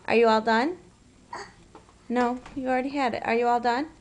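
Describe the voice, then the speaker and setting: A woman's voice: fairly high pitch, fairly even intonation, moderate pace, a little hiss or hum. A woman filming her toddler at home on a camera's built-in mic, coaxing her in sing-song baby talk and scolding her now and then. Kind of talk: home video, talking to a toddler.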